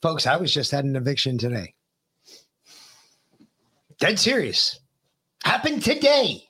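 Husky guy on a podcast, swearing a lot, lively up-and-down voice. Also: fairly high pitch, measured pace. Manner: profane, animated storytelling. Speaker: podcast co-host. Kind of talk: casual chat.

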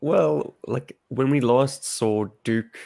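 An upbeat man hosts a casual podcast chat with a middle-pitched voice. He keeps things moving, laughs often and sounds close to the mic in a dry, dead room. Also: slow pace, gravelly, mellow, no echo. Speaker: podcast host.

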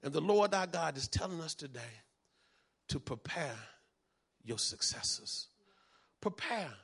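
Male pastor, sermon delivery, high-pitched, lively and fervent. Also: measured pace, gravelly, slightly rough. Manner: preaching, building from calm teaching to shouted fervor.

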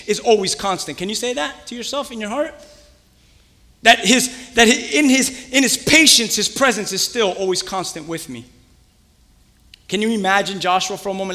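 Male pastor, bright high voice, lively call-and-response sermon, church hall echo. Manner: animated, conversational preaching with call-and-response questions.

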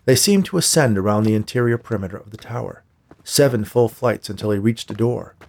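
A man reading a dark tale aloud in a measured, scripted storytelling manner. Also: fairly low pitch, gravelly. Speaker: narrator. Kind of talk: scripted audiobook narration.

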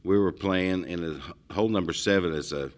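A middle-aged man with a very deep, low voice tells stories in an easygoing, rambling chat. He restarts his sentences often and wanders from one detail to the next. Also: brisk. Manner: rambling, storytelling, frequent restarts. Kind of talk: casual conversation.

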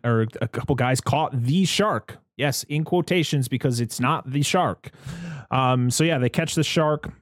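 A man talks through a film in casual chat, restarting his thoughts and laughing as he goes. His voice sits at a middle pitch. The sound is dry and close. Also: dry recording. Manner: rambling, self-interrupting, laughs often, acts out quotes. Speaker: podcast co-host.

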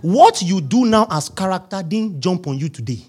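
A male pastor delivering a humorous, animated sermon to his congregation. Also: high-pitched, moderate pace, husky.

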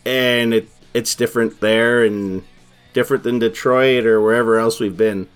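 A man's voice: medium pitch, fairly even intonation, normal speed, clear, resonant tone, faint music behind. A man from Canada with a Canadian accent, a musician guest in a casual chat, easygoing and agreeable with hesitant fillers.

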